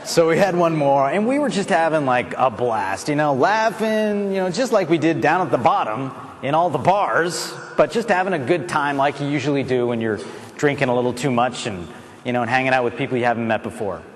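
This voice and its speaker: Speaking to an audience in a large hall, a motivational speaker delivers a story in a mid-range voice at a slightly quick pace. He gets animated, performing the voices of the characters and working up to shouting.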